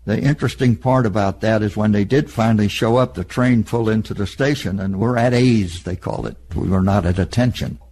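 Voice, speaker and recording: An elderly man in an oral history interview, recalling past events in a plain, matter-of-fact storytelling way with a husky voice. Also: on the low side, brisk, hardly any pauses, a little mellow. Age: older. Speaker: interviewee, veteran.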